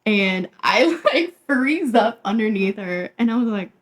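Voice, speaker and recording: Animated woman telling a story, laughing. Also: medium pitch, a little slow. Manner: animated, laughing often, acting out quotes. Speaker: podcast co-host. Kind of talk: casual chat, storytelling.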